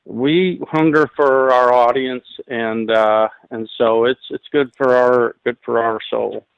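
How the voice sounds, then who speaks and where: A man from New Jersey, a musician guest in a casual interview, talking in a relaxed, rambling way with many fillers. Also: medium pitch, slow, creaky, clean tone, dry recording, lo-fi sound. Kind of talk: casual interview over the line.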